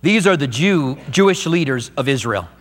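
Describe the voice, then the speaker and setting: An older man, a pastor, preaching a sermon with animated delivery and acted-out quotes. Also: a little high, moderate pace. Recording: long hall reverb, faint mains hum.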